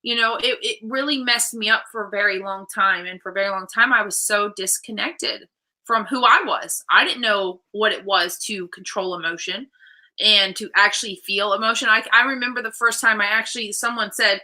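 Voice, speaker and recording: Bright, upbeat woman host in her 30s. Animated storyteller who acts out the people she quotes. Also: medium pitch, moderate pace, poor audio. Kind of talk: casual interview chat.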